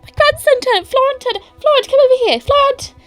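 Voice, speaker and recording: A woman voicing a fussy, doting old grandmother who talks in a high, cooing flutter. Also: brisk, faint music behind. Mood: fussing.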